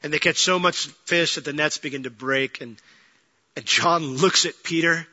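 A man preaching a sermon, telling a story with lively acted-out lines, swinging from loud and fast to quiet and low. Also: muffled recording. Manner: animated storytelling, acting out quoted lines, rising to near-shouting then dropping low. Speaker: pastor.

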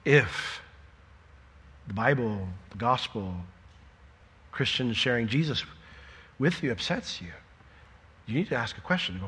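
A middle-aged man preaching a sermon, lively and joking, acting out imagined conversations before dropping to a quieter, earnest tone. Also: mid-range voice, a little slow, pauses often, slightly rough, long reverb tail. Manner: animated, jokey, acts out imagined dialogue.

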